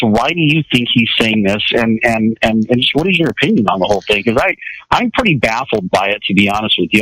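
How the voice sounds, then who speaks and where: A man's voice: mid-range voice, fairly bright tone, no echo, poor audio. A man co-hosting a casual radio talk show, speaking hesitantly with many restarts and fillers. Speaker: radio co-host.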